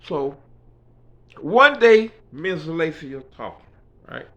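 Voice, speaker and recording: A man's voice: fairly high pitch, big pitch swings, slow pace, bright, forceful tone, dull audio. A man telling his life story in a casual, rambling way, with frequent fillers. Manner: rambling, fillers like "you know" and "right".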